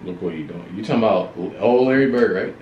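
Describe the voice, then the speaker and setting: A man's voice: fairly low pitch, fast, lo-fi sound, a little hiss or hum. A man arguing stubbornly and dismissively with his brother in a casual chat. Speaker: host's younger brother. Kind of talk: casual argument. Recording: echoey room, mic far off.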